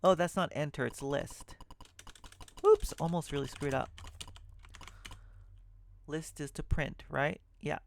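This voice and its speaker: A man talking through code at an unhurried, deliberate pace, pausing to reason and fix his own slips. His voice is a touch high for a man, smooth and resonant with a gravelly edge. He speaks into a desk mic at his computer. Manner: thinking aloud, self-correcting, muttering asides. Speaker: programming tutor. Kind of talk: screen-recorded coding walkthrough.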